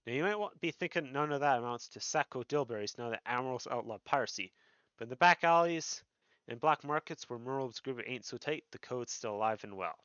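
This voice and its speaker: A man's voice: mid-range voice, expressive, fairly quick, a bit bright, clean tone, no echo, lightly acted. Male reader as a sly, upbeat thief boss from a fantasy game, slangy patter, dull lo-fi audio. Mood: storytelling. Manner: cheery thieves' slang. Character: sly male rogue guild master, jovial.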